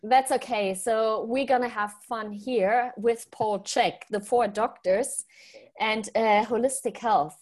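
A woman's voice: fairly high pitch, fairly even intonation, slow pace. A woman co-hosting a conference, casually walking through the schedule in an orderly way. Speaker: conference co-host. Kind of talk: casual chat.

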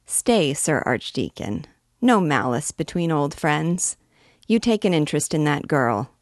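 A woman's voice: low voice, sing-song, unhurried, dry recording, clean studio sound, full character voice. A woman voicing a vain, wordy male poet who rambles and boasts about his clever plans. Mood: boastful. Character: vain chattering male poet, pleased with himself.

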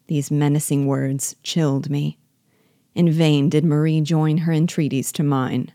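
A woman reads a classic novel aloud at a slow, measured pace. Her voice is low and warm, and the recording is close and dry with no room sound. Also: steady tone, no room sound. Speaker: reader and teacher.

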